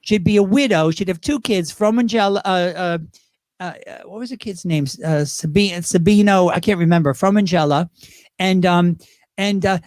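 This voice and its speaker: A man's voice: high-pitched, normal speed, a little mellow, no room sound, studio quality. A man in his fifties, a drag performer telling rambling stories as an interview guest. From Great Britain. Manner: chatty, rambling, slips into impressions. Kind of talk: casual interview storytelling.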